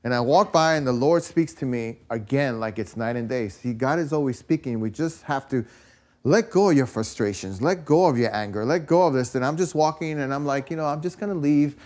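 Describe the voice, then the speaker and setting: A man's voice: medium pitch, lively intonation, a little fast, darkish tone. A man preaching a conversational sermon, telling stories with lots of "you know" and rhetorical questions to his listeners. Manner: rambling storytelling, peppered with "you know" and "right?".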